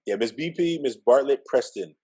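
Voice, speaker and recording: Animated middle-aged male storyteller. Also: mid-range voice, normal speed, husky, low-quality recording. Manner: animated storyteller acting out quoted voices. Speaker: interview guest, educator. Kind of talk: storytelling in conversation.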